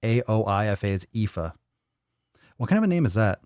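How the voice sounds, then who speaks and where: Low-voiced man, rambling profane banter. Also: big pitch swings, fairly quick, darkish tone, clear, resonant tone, no echo, clean studio sound. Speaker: fitness livestream host. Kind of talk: casual live-stream chat.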